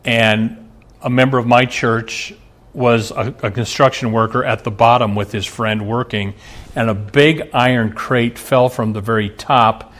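A man's voice: medium pitch, fairly even intonation, measured pace, a bit bright. A middle-aged male pastor preaching a sermon, earnest, asking the congregation rhetorical questions.

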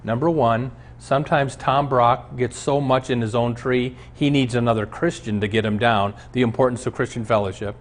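A man's voice: medium pitch, fairly even intonation, moderate pace, few pauses, a little hiss or hum. A man who is a pastor, teaching a Bible lesson on a show and telling stories from his own life in an earnest preaching manner.

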